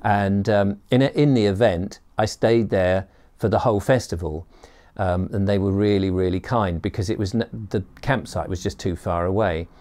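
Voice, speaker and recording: A man's voice: fairly low pitch, moderate pace, warm tone. A man telling a personal story to camera in a chatty, rambling way, with many ums and restarts. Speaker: storyteller and performer.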